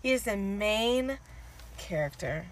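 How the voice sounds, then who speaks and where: A woman's voice: medium pitch, animated, takes it slowly, rough recording. A woman co-hosting a podcast, gushing in casual chat and filling her talk with "like" and "um.". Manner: gushing, filler-heavy with lots of "like". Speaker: podcast co-host.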